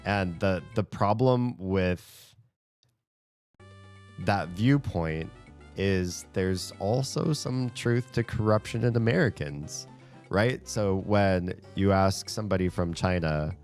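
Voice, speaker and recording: Casting: male streamer, very low voice, loose rambling chat over a game, faint music underneath. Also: slow pace, darkish tone. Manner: rambling, thinks aloud, chuckles often. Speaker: streamer playing a rhythm game. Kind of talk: casual chat while gaming.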